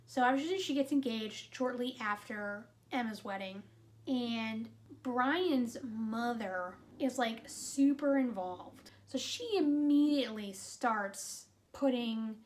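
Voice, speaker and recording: A woman giving a casual, chatty movie review, retelling the plot with animated, exasperated asides and lots of "like". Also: on the high side, slow.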